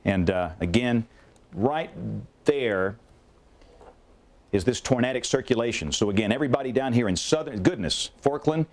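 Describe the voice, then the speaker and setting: A man's voice: medium pitch, lively intonation, normal speed, darkish tone. A man working as a TV meteorologist, urgent and folksy, covering tornado warnings and questioning a mayor live. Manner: urgent, folksy, many fillers. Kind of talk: live severe weather coverage.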